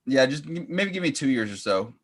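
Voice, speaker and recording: A man coaching trades, calmly walking through a chart step by step in casual chat. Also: mid-range voice, brisk. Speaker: trading coach.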